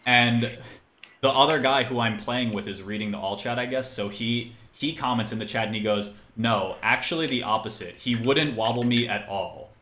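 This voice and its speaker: A man's voice: mid-range voice, normal speed, pushed and bright. A man casually telling a story, rambling with constant fillers and quoting people in an exasperated tone. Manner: quotes other people's lines in an exasperated tone. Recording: roomy echo, faint background noise.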